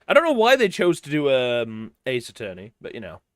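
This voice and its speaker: A man's voice: medium pitch, wildly swooping pitch, fairly quick, dry recording. A man streaming a game, rambling casually and swearing. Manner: rambling, swearing, self-deprecating. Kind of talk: casual commentary while playing.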